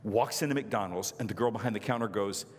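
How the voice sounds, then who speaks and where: A man's voice: fairly low pitch, fairly quick. A man preaching a storytelling sermon, acting out the voices of the people in his story. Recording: reverberant church hall.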